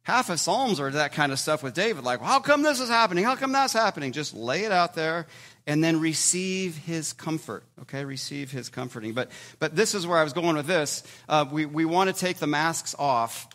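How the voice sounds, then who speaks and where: A man preaching a sermon in a conversational way, with sudden loud emphatic bursts between quieter stretches. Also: on the high side, normal speed. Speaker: pastor.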